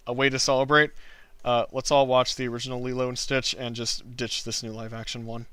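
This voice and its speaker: A man's voice: medium pitch, little pitch movement, normal speed, pauses often, fairly bright tone, clear, resonant tone. A man in a mid-range voice hosting a drawing stream and chatting casually with his viewers. He talks loosely and breaks into laughs often. The sound is dry, with no room echo. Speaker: livestream host, cartoonist. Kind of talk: casual chat while drawing.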